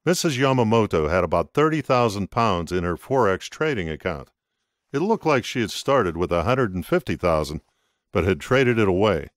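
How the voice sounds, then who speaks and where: A man narrating an audiobook in an expressive, scripted reading. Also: on the low side, moderate pace, dry recording, studio quality.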